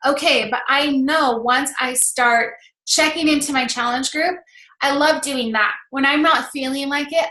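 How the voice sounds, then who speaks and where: A woman's voice: sits high, a bit bright, reverberant, poor audio. A woman in her thirties giving a chatty, encouraging motivational talk to camera as a coach. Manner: chatty and encouraging, laughs often.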